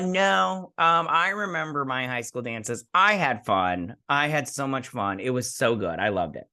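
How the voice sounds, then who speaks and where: A man's voice: on the low side, fairly bright tone. A young man hosting a show, casually retelling a TV episode in a rambling way, quoting characters as he goes. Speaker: show host.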